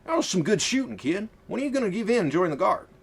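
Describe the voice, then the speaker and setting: A man plays a hearty middle-aged colonel with a folksy drawl. His voice is pitched up and bounces around. It is an audiobook character voice, cheerful and plain-spoken. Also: big pitch swings, fast, creaky, breathy edge, exaggerated voice.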